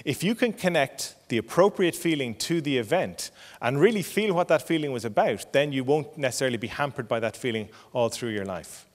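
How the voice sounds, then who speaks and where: A middle-aged Irish psychologist giving a parenting talk, explaining patiently and checking in with frequent "okay?". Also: male voice, mid-range voice, lively intonation, fairly quick, few pauses, long reverb tail. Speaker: clinical psychologist.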